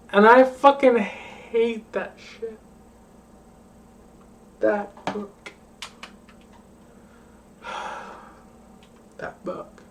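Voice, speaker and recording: A young woman, plainly drunk, rambles through a vlog in a slow, slurred drawl, swearing freely and circling back to the same words again and again. Her voice sits in the middle of the range and reaches the mic from a little distance away. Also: mid-range voice. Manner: slurring, profane, repeats a phrase over and over. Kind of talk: rambling late-night vlog rant.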